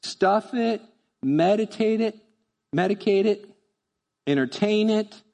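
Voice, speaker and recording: Male pastor, high voice, chatty animated sermon, reverberant church. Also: slow. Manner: conversational, animated, acts out voices.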